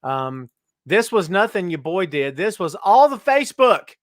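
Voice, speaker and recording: A man's voice: sits high, very animated, measured pace, dry recording, studio quality. A man hosting a live wrestling talk stream, chatting casually and teasing while he greets viewers by name.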